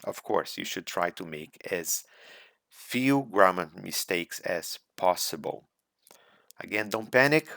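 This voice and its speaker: A man teaching an English speaking exam in a recorded slideshow lecture, deliberate and coaching, repeating key points. English is not his first language. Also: deep voice, expressive, creaky, a bit bright, no room sound, clean studio sound.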